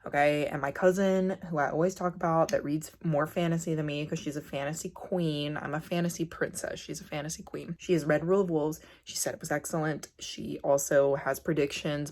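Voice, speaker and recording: An excitable young woman chats on a casual book vlog, rambling from one thought to the next. Her voice sits a little low for a woman. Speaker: book vlogger. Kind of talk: casual reading vlog chat.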